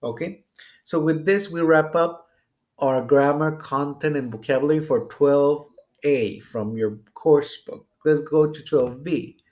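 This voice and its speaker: A man's voice: a little high, unhurried, a little mellow. A man with an American accent explaining English grammar and numbers in a recorded lesson, often checking in with "okay?". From United States. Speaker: English teacher.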